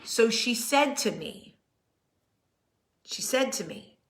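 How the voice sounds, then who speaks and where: A woman's voice: fairly high pitch, expressive, slow pace, fairly bright tone. A woman, a mother, telling a personal story in a casual, earnest way and speaking soothingly when she reassures.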